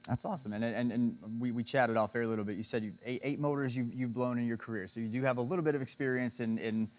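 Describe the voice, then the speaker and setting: This is a male show host with a quick, rapid-fire delivery. He sounds enthusiastic and chatty, and he often stumbles and repeats words as he talks. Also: medium pitch, steady tone, a little mellow. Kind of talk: behind-the-scenes show hosting. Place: engine shop, then studio.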